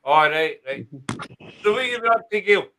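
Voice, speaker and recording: A man's voice: high voice, lively intonation, normal speed, pushed and bright, a little hiss or hum, rough recording. A man hosting a casual panel chat, joking and laughing often. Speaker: podcast host.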